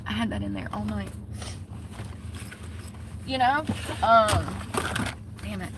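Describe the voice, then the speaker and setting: A Southern woman vlogs in a blunt, heated rant and swears without a second thought. Her voice has a bright, cutting edge. Faint vehicle noise hums underneath. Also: medium pitch. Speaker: vlogger. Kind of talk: casual ranting vlog.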